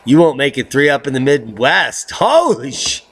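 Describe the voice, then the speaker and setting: A middle-aged man hosting a video blog, rambling through weather news with jokes, rhymes and theatrical swings into high baby talk. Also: normal speed, fairly bright tone. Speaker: video blogger host. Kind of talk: rambling weather commentary vlog.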